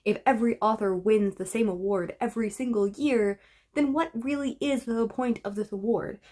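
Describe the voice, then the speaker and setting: A woman's voice: a little high, moderate pace, a little mellow. A woman vlogging about books in a casual chat to camera, rambling and wry as she runs through a list of titles. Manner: chatty, rambling and wry, lists book titles. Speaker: book vlogger.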